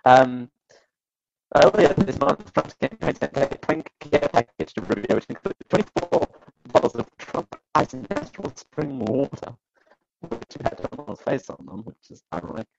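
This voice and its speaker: A man's voice: mid-range voice, very animated, moderate pace, gravelly, muffled recording, slight background noise. A man hosting a radio talk show, giving casual political commentary with wry, sarcastic asides.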